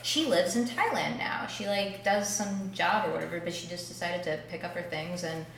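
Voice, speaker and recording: A woman's voice: on the low side, moderate pace, far from the mic, slight background noise. A young woman with a Southern Californian accent tells a travel story in a casual chat, with a dry, sarcastic way of talking. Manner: dry, sarcastic, animated when excited. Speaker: guest. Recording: echoey room, off-mic, faint ambience.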